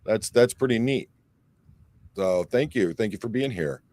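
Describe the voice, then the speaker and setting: A man's voice: lowish voice, animated, unhurried, darkish tone. A man from the Detroit area hosting a casual livestream, reading viewer comments aloud and rambling with plenty of fillers. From Michigan, near Detroit. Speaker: livestream host reading chat.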